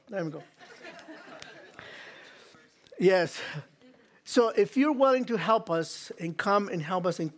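High-voiced man preaching earnestly. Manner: earnest, repetitive preaching with restarts and acted quotes. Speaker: pastor. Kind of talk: sermon. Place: church hall.

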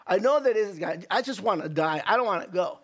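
A man's voice: sits high, animated, quick pace, fairly bright tone, heavily acted. A man doing Jonah, a weary, reluctant prophet. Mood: resigned. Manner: resigned, sighing.

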